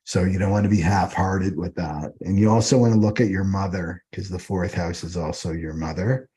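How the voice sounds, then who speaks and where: A man's voice: sits low, moderate pace, mellow, husky. Man rambling through an astrology lesson. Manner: rambling, repeats "right?" often. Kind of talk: unscripted astrology teaching.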